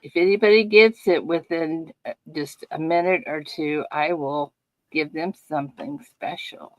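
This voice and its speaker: Slow, low-pitched playful woman host. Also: dry recording, poor audio. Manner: playful, sing-song showman patter. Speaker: host of a live coin giveaway show. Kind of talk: casual live-stream chat.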